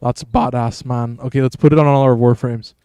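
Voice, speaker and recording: Male streamer, laid-back game commentary, smooth voice, dry close mic. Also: medium pitch, fairly even intonation, fairly quick, mellow, dry recording. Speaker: streamer host. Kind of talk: gameplay commentary.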